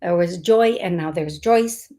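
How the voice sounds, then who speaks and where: Slow, unhurried woman host giving live psychic readings, playful and rambling, spells names aloud. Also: on the low side, warm tone.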